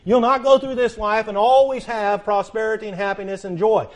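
Male pastor, high-pitched, preaches with fervent swells and soft asides. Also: fairly even intonation, fairly quick. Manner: swings from loud emphatic preaching to hushed earnest tones. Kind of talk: sermon.

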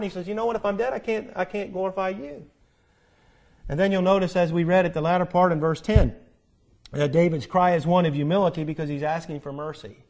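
Male pastor, high-pitched, preaches with fervent swells and soft asides. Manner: swings from loud emphatic preaching to hushed earnest tones. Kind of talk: sermon.

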